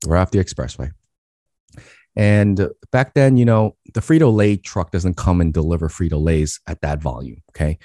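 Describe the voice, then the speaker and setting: A man from Queens, New York, sharing a story in a podcast interview, animated and full of restarts. His voice is very low and deep. The recording is close and dry, with no room sound. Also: moderate pace, no echo. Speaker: guest, business speaker.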